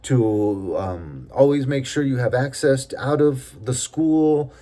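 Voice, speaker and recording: A frightened middle-aged gardener pleads haltingly and apologizes over and over, as a man puts him on while retelling a story. His voice sits a little higher and quieter than the narrator's own, and he stumbles over his words. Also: lightly acted. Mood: hesitant.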